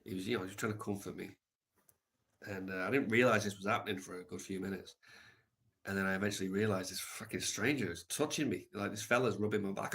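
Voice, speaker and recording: Soft, halting low-voiced man. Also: steady tone. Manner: soft-spoken, halting, many pauses and fillers. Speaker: live streamer. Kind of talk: reflective storytelling.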